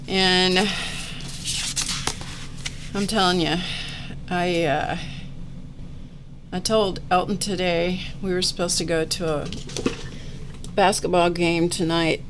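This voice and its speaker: A woman's voice: on the low side, steady tone, slow, pauses often, background noise. A woman hosting a live art session, chatting casually and rambling in a self-deprecating way while she crafts. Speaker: host of an art livestream.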